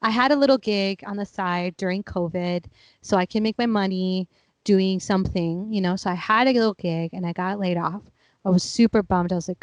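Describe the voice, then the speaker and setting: Brief: woman, 30s, podcast co-host, lively storyteller, fairly high voice, dry close sound. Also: normal speed, no room sound. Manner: animated storyteller, acts out family members; laughing, chatty. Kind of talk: casual chat.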